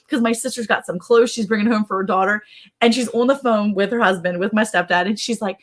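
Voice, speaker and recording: A woman's voice: a little high, quick pace. A middle-aged woman hosting a casual live-stream chat. She tells family stories with animation, laughs often, and jumps her voice up to act out relatives' lines. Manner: animated storyteller who acts out relatives' lines in a raised voice; laughs often while talking. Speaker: host.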